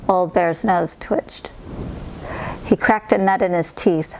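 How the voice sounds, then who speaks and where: Lady reading a kids' storybook out loud, calm clear narration, normal pitch. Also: slow pace, slight background noise. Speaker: storybook reader. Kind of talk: reading a picture book aloud.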